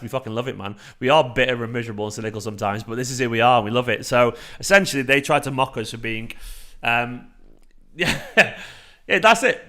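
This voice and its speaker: Casting: young man, livestream host, animated, loose, swears freely, mid-pitched. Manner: animated, chatty, swearing, frequent fillers and restarts. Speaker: fan channel host reading live chat. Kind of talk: casual livestream chat.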